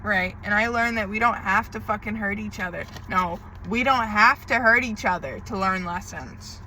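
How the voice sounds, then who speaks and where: A woman's voice: mid-range voice, normal speed, sharp tone, a little hiss or hum, rough recording. A woman tarot reader in an emotional diary-style monologue, venting with frequent swearing and emphatic repetition.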